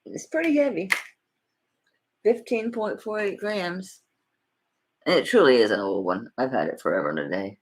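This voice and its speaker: A low-pitched, middle-aged woman with a Southern accent sells jewelry on a live stream, addressing viewers by name in a folksy chat. She speaks at normal speed with lively intonation and long pauses, over slight background noise.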